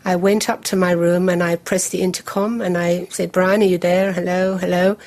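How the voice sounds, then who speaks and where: A woman, recounting a personal memory in measured, detailed storytelling as an interview guest. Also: lowish voice, flat delivery, darkish tone. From England. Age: 70s.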